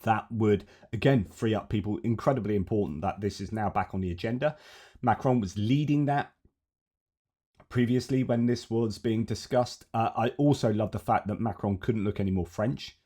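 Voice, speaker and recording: A man's voice: fairly low pitch, normal speed, warm tone. A man hosting news commentary, thinking aloud as he reads out headlines and then adds his own opinions.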